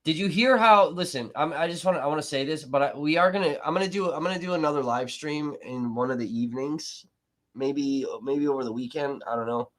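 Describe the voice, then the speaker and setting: A man's voice: on the high side, a little fast, a bit bright. Profane, rambling male live streamer. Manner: profane, rambling, sarcastic, with frequent restarts. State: sniffly from allergies. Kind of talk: casual live stream commentary.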